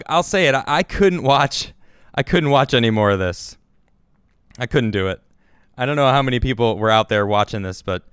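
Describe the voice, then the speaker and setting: A man's voice: mid-range voice, a bit bright, smooth, dry recording, clean studio sound. A man hosting his own show, giving a rambling, sarcastic political commentary monologue full of restarts. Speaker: show host.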